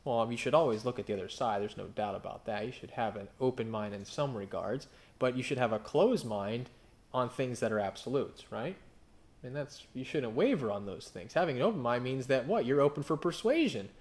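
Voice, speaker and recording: A man in his thirties delivers a sermon in a loose, conversational way. He keeps firing rhetorical questions at his listeners and often stops to restart or repeat himself. His voice sits at an ordinary middle pitch. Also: expressive, fairly quick, a little mellow. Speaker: pastor.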